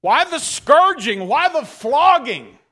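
A man's voice: very high-pitched, sing-song, slow, sharp tone. A man preacher giving a dramatic sermon, reading scripture aloud and questioning his listeners.

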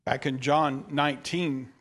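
A man's voice: mid-range voice, fairly even intonation, a little slow, a bit bright. A man preacher giving a dramatic sermon, reading scripture aloud and questioning his listeners.

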